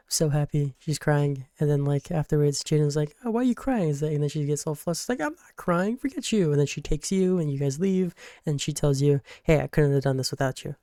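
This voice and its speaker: Rambling mellow-voiced gaming YouTuber. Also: medium pitch, no room sound, clean studio sound. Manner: rambling, many fillers, acts out character lines. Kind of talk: casual game recap.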